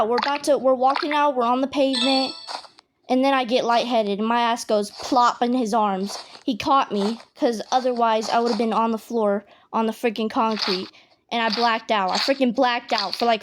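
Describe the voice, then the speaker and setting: A young woman with a high voice tells a storytime tale in a loose, rambling way, piling on slang and fillers. Steady clicking from a mouse and keyboard runs under her voice. The recording is noisy. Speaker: storytime vlogger. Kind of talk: casual storytelling over gameplay. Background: game mouse and keyboard clicks.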